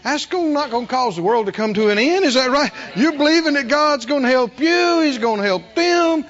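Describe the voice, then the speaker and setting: A middle-aged man preaching a sermon, folksy and animated, asking the congregation questions. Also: extremely high pitch, a little fast, lo-fi sound. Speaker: pastor.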